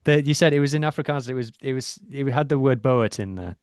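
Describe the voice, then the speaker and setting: A man's voice: mid-range voice, quick pace, darkish tone, no echo. Playful podcast co-host man, dry sound. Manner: playful, laughs often. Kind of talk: casual chat.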